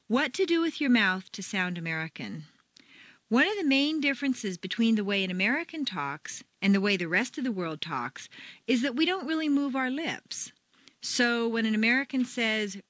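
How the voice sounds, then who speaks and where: A woman reading a scripted pronunciation lesson in a measured way, stopping to demonstrate example phrases. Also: on the high side, a bit bright, dry recording. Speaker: pronunciation teacher. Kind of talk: scripted instructional narration.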